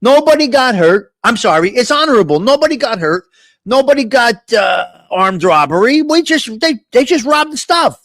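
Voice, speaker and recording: A man's voice: very high-pitched, sing-song, moderate pace, a bit bright, no room sound. Crude, joking New York-area man. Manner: crude, joking, rambling banter. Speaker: host of a live morning talk show. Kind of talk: casual live-stream chat.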